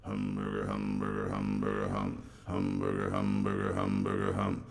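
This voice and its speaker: A man voicing a droning deep-voiced chanter who repeats burger names in a monotone, gravelly chant. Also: moderate pace, soft background music, heavily acted.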